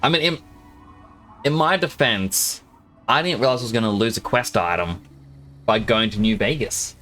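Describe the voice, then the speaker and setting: A man's voice: mid-range voice, moderate pace, bright, forceful tone, faint music behind. Chatty Australian man streaming a game. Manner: chatty, rambling, self-interrupting. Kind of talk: casual gameplay commentary.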